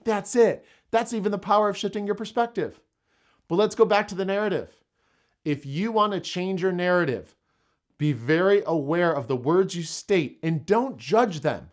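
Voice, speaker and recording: A man's voice: high voice, lively intonation, moderate pace. A man giving an emphatic motivational self-help talk, repeating phrases for effect. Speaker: motivational speaker.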